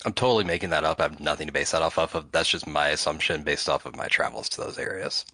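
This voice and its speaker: Very deep voice, forceful tone, dry close sound, offhand podcast chat. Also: male voice, fairly even intonation, fast, no echo. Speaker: podcast co-host. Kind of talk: casual chat.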